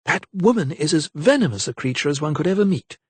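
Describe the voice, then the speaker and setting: Audiobook: brusque young lady, higher pitched and pointed, voiced by a male narrator, dry sound. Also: lively intonation, quick pace, husky, dry recording. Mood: firm, bitter. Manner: firm, brusque, bitter. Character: proud, agitated young gentlewoman. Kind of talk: audiobook character voice.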